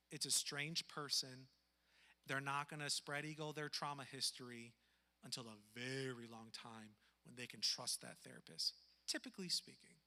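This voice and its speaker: A man who is a foster parent, telling a personal story in an earnest, emphatic way that drops to a hush for sad parts. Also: fairly high pitch, in a large hall.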